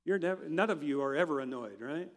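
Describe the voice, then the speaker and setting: A man preaching a sermon as pastor, asking the listeners rhetorical questions and dropping from loud lines to near-quiet ones. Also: fairly high pitch, animated, fast. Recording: reverberant hall.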